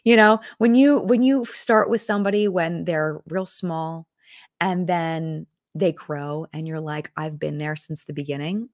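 A young adult woman chats casually on a live stream, rambling and restarting her sentences as she reacts to viewer comments. Her voice sits low for a woman. The sound is close and dry, with no room around it. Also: fairly even intonation, measured pace, dry recording. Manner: chatty, rambling, lots of fillers and restarts. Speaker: host of a live chat stream.

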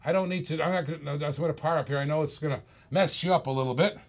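A man's voice: on the high side, very fast. A man hosting a live-stream toy car auction, calling bids and joking with viewers in chatty auctioneer patter.

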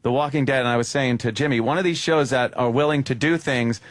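A man's voice: medium pitch, steady tone, fast, no echo. A man hosting a radio talk show, joking brashly and swearing freely. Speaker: radio host.

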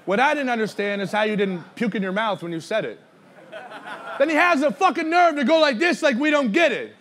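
A man battle rapping at a live event, mocking his opponent loudly and laughing through his lines. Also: very high-pitched, animated, moderate pace. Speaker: battle rapper. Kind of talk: battle rap performance. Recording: noisy live crowd recording.

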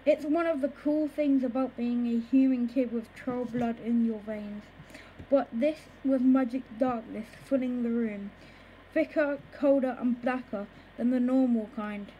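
A woman reading a children's book aloud in a slow, careful way, with occasional small stumbles over words. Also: a little high, steady tone, highs cut off, a little hiss or hum. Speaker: storybook reader.

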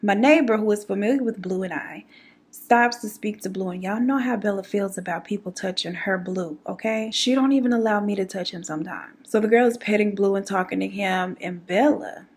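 Husky, gravelly woman chatting. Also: mid-range voice, a little fast. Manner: chatty, sassy asides. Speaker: beauty and true crime YouTuber. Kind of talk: casual vlog storytelling while doing makeup.

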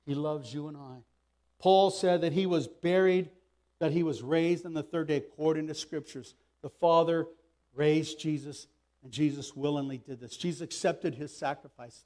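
A man preaching a sermon as pastor, swinging from loud emphatic bursts to soft asides. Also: moderate pace. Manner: acts out quoted speech with raised pitch. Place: church sanctuary.

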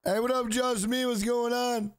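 A man's voice: extremely high pitch, little pitch movement, normal speed, clean tone, no echo, clean studio sound. A man streaming a video game, chatting casually with viewers in a profane, tired, drawling manner. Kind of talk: casual live-stream commentary.

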